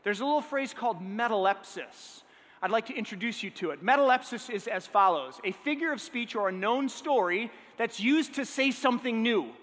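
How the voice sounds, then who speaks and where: A man preaching a sermon in a lively, conversational way, often checking in with his listeners. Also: very high-pitched, moderate pace, big-room sound. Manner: energetic, conversational, checks in with the audience. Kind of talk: sermon teaching.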